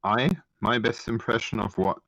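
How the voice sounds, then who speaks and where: A man joining a casual online chat as a guest, speaking in a halting, hesitant way. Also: lowish voice, steady tone, gravelly, a bit bright, highs cut off. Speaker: call guest.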